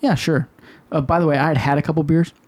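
Middle-aged male podcast host, slightly high voice, swears freely and tells stories with animated emphasis. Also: racing. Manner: profane, animated, emphatic storyteller. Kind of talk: casual storytelling chat.

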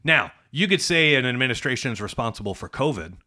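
A man's voice: medium pitch, sing-song, fast, pushed and bright. Middle-aged male co-host, casual and emphatic, ordinary mid-range voice. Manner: conversational, emphatic, rhetorical "right?" tags. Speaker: podcast co-host, trades business coach. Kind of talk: casual podcast chat.

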